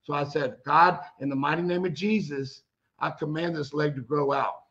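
A man preaching a fervent sermon, getting loud and exclaiming, telling stories with quoted dialogue. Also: on the high side, fairly even intonation, moderate pace, highs cut off.

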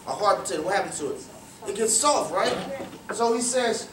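Animated and fairly quick, a high-pitched man gives a motivational storytelling talk as a guest speaker at a youth cricket academy, quizzing the young audience in a large room and repeating phrases for emphasis. The background is noisy, and the recording sounds roomy and distant with faint ambience.

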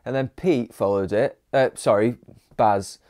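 A man's voice: fairly low pitch, a little slow, darkish tone, dry recording, clean studio sound. A man hosting a music reaction video, talking casually, joking and swearing freely.

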